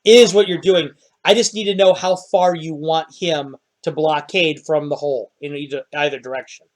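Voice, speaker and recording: Fairly high-voiced male game master. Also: steady tone, normal speed. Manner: questioning, prompting players. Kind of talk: narrating a tabletop game.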